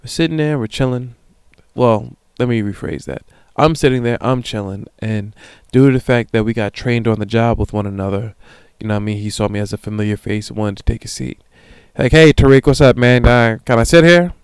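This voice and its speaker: A young man hosts a podcast in a loose, swearing monologue, acting out the people in his stories. His voice is smooth and resonant. It sits close and dry on the mic, with no room sound. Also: on the low side, fairly quick, no echo. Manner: profane, animated storytelling with voiced quotes. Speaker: podcast host. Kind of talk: casual monologue reading listener emails.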